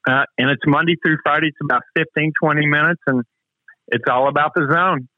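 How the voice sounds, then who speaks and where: A man's voice: fairly high pitch, fairly even intonation, a little fast, dry recording. A man coaching with emphatic rhetorical questions as a guest on a talk show. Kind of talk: motivational interview talk. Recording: tinny phone-like remote line.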